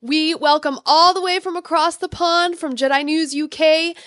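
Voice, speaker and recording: A woman's voice: high voice, fairly even intonation, moderate pace, fairly bright tone, no echo, clean studio sound. A woman co-hosting a casual fan podcast, bubbly, giggly and enthusiastic. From United States. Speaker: podcast co-host.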